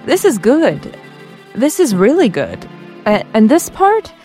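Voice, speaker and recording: A woman's voice: fairly high pitch, huge pitch swings, warm tone, soft background music, pitched above the performer's own voice, full character voice. A woman voicing a polite, patient man who addresses his employer formally in a comic storybook reading. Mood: courteous. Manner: courteous, measured. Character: polite older male engineer, patient and formal.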